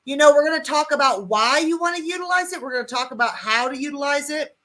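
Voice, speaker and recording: A woman opens an online talk show with an upbeat, welcoming manner and rattles off lists of guests and platforms. Her voice is bright and sits slightly high. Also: lively intonation, quick pace. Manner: upbeat, welcoming, listing things. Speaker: co-host.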